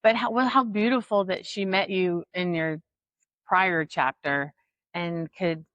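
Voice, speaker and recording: A woman's voice: lowish voice, steady tone, unhurried, dry recording, lo-fi sound. A woman hosting a podcast interview, asking reflective questions in a casual, encouraging way. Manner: warm encouraging backchannels, thoughtful questions. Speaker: podcast host.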